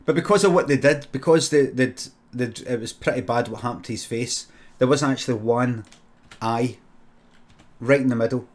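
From a home streaming setup, a Scottish man improvises a comic story in a deadpan, heavily profane delivery punctuated by sudden loud shouts. His pitch sits mid-range for a man, and his pace is moderate.

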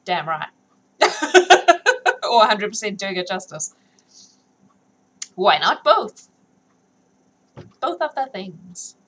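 A woman's voice: mid-range voice, big pitch swings, slow, pauses often, a bit bright, rough recording. A woman reading a novel aloud on a live stream, then chatting with viewers, laughing often and joking about herself.

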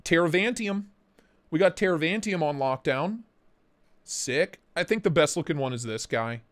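A man hosting a relaxed livestream chat in a voice a little high for a man. His pitch jumps around in a very lively way. He sounds easily excited and loose, full of slang and the odd curse. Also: normal speed. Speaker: livestream host.

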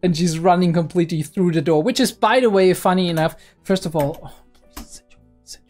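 A young woman hosting a casual anime reaction, talking in an excitable, rambling way and swearing freely. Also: on the low side, brisk, soft background music. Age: young adult.

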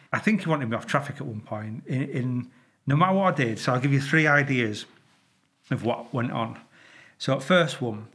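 A middle-aged Yorkshireman, once a traffic cop and now retired, spins yarns straight to camera in a relaxed way. His voice is medium-pitched, and he's animated, cursing liberally, making sound effects, and tripping over and repeating his words.

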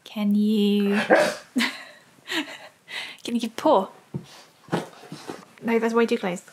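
A woman's voice: medium pitch, level tone, drawn-out words, darkish tone, slight background noise. A woman coaxing her dog through tricks, playful and laughing often, repeating short commands. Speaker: dog owner and trainer. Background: dog sounds.

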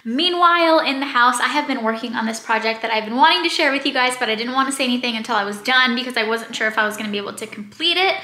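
A young woman with a high, bright, lively voice chats proudly about a homemade project. The sound is roomy with faint noise behind her, recorded indoors at home. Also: racing, few pauses. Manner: proud, chatty, playful with a child. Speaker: vlog co-host. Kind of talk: casual vlog chat.

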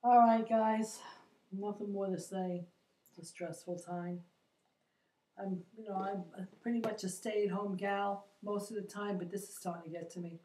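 A woman's voice: medium pitch, fairly even intonation, measured pace, mellow, a little hiss or hum. Chatty older woman, roomy distant sound. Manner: chatty, exasperated, quotes others in her retelling. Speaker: vlogger. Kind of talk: casual storytelling monologue. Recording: roomy echo, distant from the mic.

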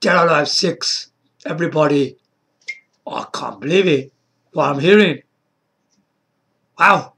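A man making an excited casual video, beatboxing between lines and breaking into high shouts. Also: unhurried, gravelly, pauses often, breathy edge. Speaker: YouTuber.

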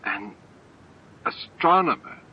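A man's voice: mid-range voice, animated, normal speed, slight background noise, close to an everyday voice. A man reading an earnest, torn-up man. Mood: shocked. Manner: blunt, emotional, struggling. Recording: dull lo-fi homemade audiobook.

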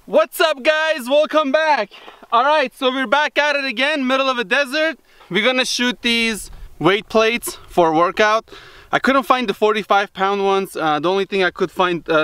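A man's voice: high voice, bright, forceful tone, smooth. A man hosting his own vlog outdoors in the desert, talking loosely to viewers with plenty of fillers. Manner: loose and chatty, with frequent fillers. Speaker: firearms channel host. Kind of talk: casual vlog talk to camera.

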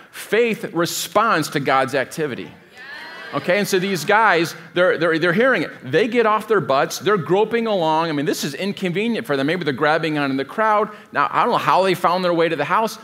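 In a brisk, slightly high and a bit bright voice with lively intonation, a man gives a sermon as pastor. He's chatty and digressive, often stopping to reconsider what he's saying partway through.

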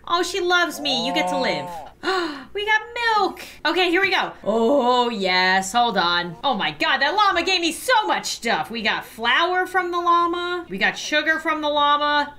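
A woman giving excitable, dramatic let's-play commentary, laughing and gasping often. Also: sits high, unhurried, hardly any pauses. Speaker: gaming YouTuber.

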